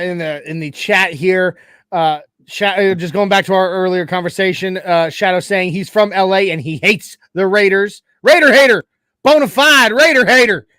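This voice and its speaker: A man's voice: sits high, a bit bright, clean tone, no room sound. A man co-hosting a casual sports talk show, reading viewer comments in an emphatic, chatty way with many restarts. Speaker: co-host reading chat.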